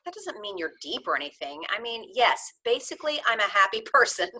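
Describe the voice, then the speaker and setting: A woman's voice: mid-range voice, sing-song, fairly quick, bright, forceful tone, slight background noise. A woman reading the part of a cheerful, fussy young woman who plans everything, in an earnest casual script read-through. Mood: defensive.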